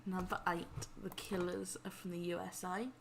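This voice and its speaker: A woman's voice: fairly low pitch, little pitch movement, normal speed, gravelly, very noisy. A woman co-hosting a casual quiz night, reading answers and firing back dry, sarcastic remarks. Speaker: quiz co-host. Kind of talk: casual chat.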